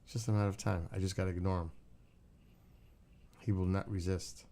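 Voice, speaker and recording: A man's voice: sits low, little pitch movement, fairly quick, dark tone. A man chatting casually on a live stream, laid-back and rambling, swearing now and then and talking to his dog between comments. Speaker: skywatching livestreamer.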